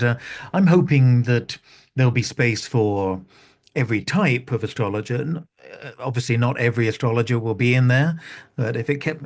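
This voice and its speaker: A man talking casually on a video call, pausing often with ums and restarts. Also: mid-range voice. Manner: hesitant, many ums and restarts. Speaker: new magazine editor, astrology school head.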